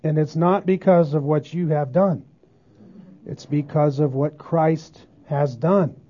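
A pastor preaching a sermon emphatically, often asking the congregation whether they agree. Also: male voice, a little high, fairly even intonation, takes it slowly. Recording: dull lo-fi sermon recording.

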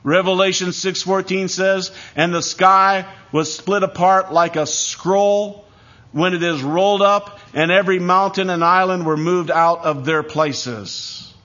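A man preaching a sermon as pastor, solemn and emphatic, with measured pauses between phrases. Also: sits high, steady tone, bright, forceful tone. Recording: dull lo-fi recording.

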